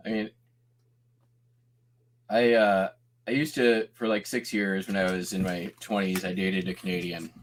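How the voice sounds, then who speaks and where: Rambling lower-voiced male stream host. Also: flat delivery, measured pace, long pauses, slight background noise. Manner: rambling, self-interrupting, laughs often. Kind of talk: casual live-stream chat.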